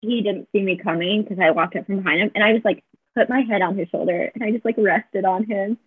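A young woman guest on a podcast, telling a story in casual chat, animated and quoting herself and others, laughing often. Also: mid-range voice, brisk. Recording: dry, tinny phone-like sound.

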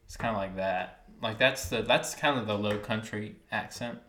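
A man's voice: lowish voice, measured pace, bright, forceful tone, a little hiss or hum. A man with a Wilmington, North Carolina accent, co-hosting a casual podcast, rambling and searching for words. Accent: Wilmington North Carolina Southern. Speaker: podcast co-host. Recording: echoey room.

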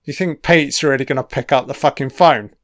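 A man's voice: mid-range voice, a little fast, no echo, studio quality. A man giving a casual, profane commentary on a film, swearing constantly and cheering at the screen.

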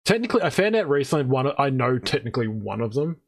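A man's voice: medium pitch, sing-song, fast. A man co-hosting a casual podcast, telling a joking story and cursing freely. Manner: joking, swears freely, quotes friends. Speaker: podcast co-host. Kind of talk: casual chat.

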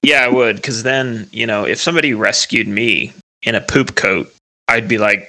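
Man, podcast co-host, deadpan wisecracks, low pitch, forceful tone. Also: normal speed, poor audio. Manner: wry, deadpan comebacks. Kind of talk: comedic recap chat.

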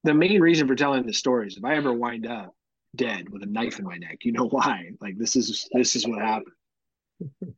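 A man in his thirties co-hosting a podcast chats casually with a medium-pitched, husky voice at normal speed. He is an animated storyteller who acts out the quotes in his stories, and the recording is lo-fi with no echo.

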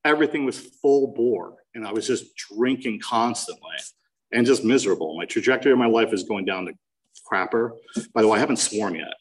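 A man's voice: fairly low pitch, fairly quick, distant mic, rough recording. A man in his forties from New Jersey shares his recovery story at a meeting. He speaks candidly and mocks himself with wry humor. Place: meeting room.

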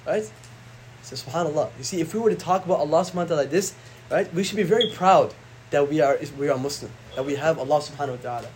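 Fast-talking imam teaching a class. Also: male voice, fairly high pitch, darkish tone, slight background noise. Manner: conversational, slangy, recites Arabic verses rapidly. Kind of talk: casual religious lecture.

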